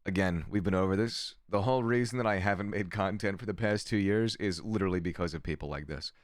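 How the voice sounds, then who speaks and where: A man's voice: sits low, fast, no echo, clean studio sound. Sarcastic man streaming commentary. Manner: sarcastic, swears often, reads chat aloud. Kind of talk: casual livestream commentary.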